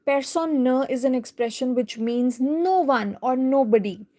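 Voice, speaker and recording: Woman, French teacher, slow deliberate delivery, fairly high pitch, explains each phrase. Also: warm tone. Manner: slow, careful explaining, translating line by line. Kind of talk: live online language lesson, reading a picture book aloud.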